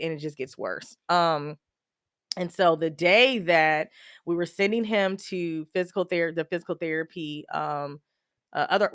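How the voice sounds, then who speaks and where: A young woman, hosting a podcast and telling a personal story in a candid, emotional way, with animated quoted bursts. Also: lowish voice, dry recording, clean studio sound. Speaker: podcast host.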